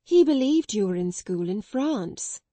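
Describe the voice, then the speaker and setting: A woman voicing a gentle, motherly woman who talks in a slow, soothing, kind way. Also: mid-range voice, animated, no echo. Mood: tender.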